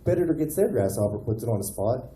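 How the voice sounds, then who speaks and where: A man performs a stand-up set on a small club stage, tossing "man" into his rambling stories. His tone is dark and mellow, and his pitch leaps around with animation. The room is echoey, with faint ambience behind him. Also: very animated, fast talker, slight background noise. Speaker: stand-up comedian.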